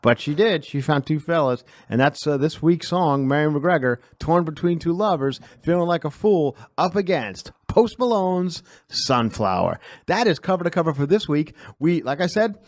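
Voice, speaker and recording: A man's voice: a little high, lively intonation, normal speed, few pauses, no room sound. Rambling self-deprecating male podcast host. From Long Island, New York. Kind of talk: casual podcast chat.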